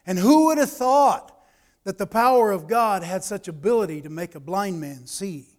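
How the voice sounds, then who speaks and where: A man preaching a sermon, dropping to quiet asides and rising to emphatic, raised passages. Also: sits high, normal speed.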